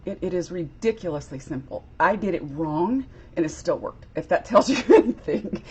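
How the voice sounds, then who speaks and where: A woman's voice: lowish voice, very animated, moderate pace, mellow, slightly rough. A woman giving a chatty live-streamed craft demo, greeting viewers by name in a bubbly, casual way. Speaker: crafter demonstrating a product.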